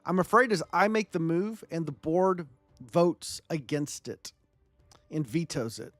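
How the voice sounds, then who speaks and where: A man's voice: on the high side, expressive, measured pace, dry recording, faint music behind. A man streaming a strategy game live, chatting and joking with his viewers as he plays. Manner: chatty, joking, talks to chat.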